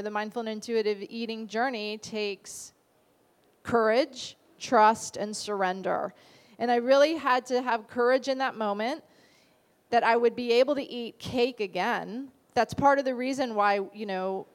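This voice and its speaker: A woman dietitian teaching a class in a casual, conversational way, often asking the audience rhetorical questions. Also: a little high.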